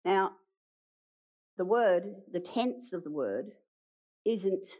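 A woman preaching a sermon, retelling a story with dramatic pauses and acted-out quotes. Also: medium pitch, expressive, mellow. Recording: dull lo-fi sound.

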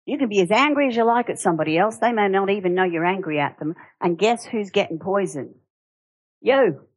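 A woman preaching a sermon, in a conversational, animated way with rhetorical questions. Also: mid-range voice, fast, no room sound, poor audio.

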